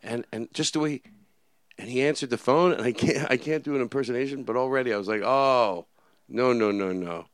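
A man comedian telling a rambling, animated story in casual chat. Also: medium pitch, quick pace, no room sound, studio quality.

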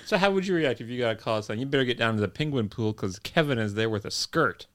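A young man co-hosting a casual chat, recapping a plot with wry, deadpan humor. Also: medium pitch, quick pace. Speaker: podcast co-host.

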